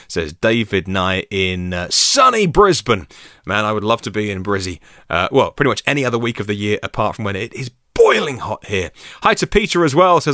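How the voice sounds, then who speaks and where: Brief: male podcast host, chatty and self-deprecating, very lively up-and-down pitch, dry close mic. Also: a little fast, no echo. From United Kingdom. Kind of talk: casual solo news podcast.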